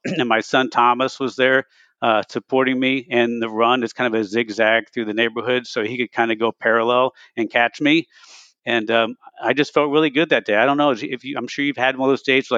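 A man in his sixties, a podcast guest, telling his race stories in a casual, animated way and often acting out what he said to himself. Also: mid-range voice, dry recording, dull audio. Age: 60s. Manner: animated, retells races with quoted self-talk. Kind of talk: casual storytelling.

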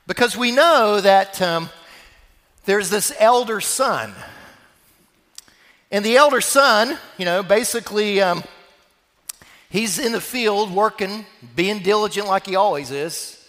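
A man's voice: high voice, sharp tone. A man pastor preaching a sermon, telling a story dramatically. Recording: long reverb of a church hall.

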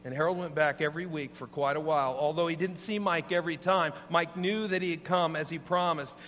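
An earnest male preacher telling a sermon story with a slightly high voice. His speech carries a long hall reverb, with a faint hum underneath. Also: a little fast. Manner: earnest, animated.

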